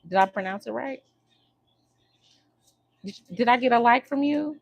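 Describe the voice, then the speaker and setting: A woman's voice: a little high, measured pace, creaky. A woman hosting a casual livestream, chatting and teasing her viewers while she works on her hair. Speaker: livestream host.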